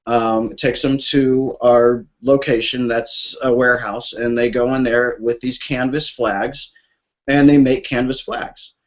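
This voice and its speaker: A man describes his veterans' flag program on a group call with raw emotion and bluntness, swearing and repeating things. Yet his mid-range voice comes across flat and a little slow. The call line gives it a lo-fi sound.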